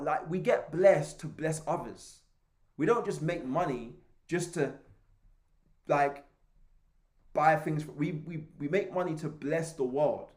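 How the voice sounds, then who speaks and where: A young man giving a casual motivational talk, telling stories excitedly, stumbling over and repeating words. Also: fairly high pitch. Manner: excitable storyteller, repeats words and restarts a lot. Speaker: motivational speaker.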